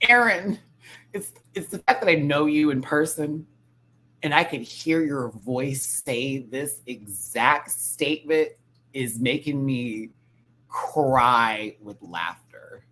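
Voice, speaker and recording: A man's voice: medium pitch, takes it slowly, bright, forceful tone, slight background noise. A man hosting a casual live review stream, rambling playfully with frequent laughter and theatrical reactions.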